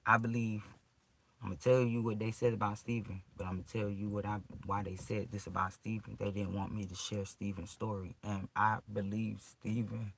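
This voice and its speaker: A man's voice: lowish voice, flat delivery, normal speed, creaky, poor audio. A man emotionally recounting a personal ordeal to his viewers in casual, profane, rambling speech full of restarts.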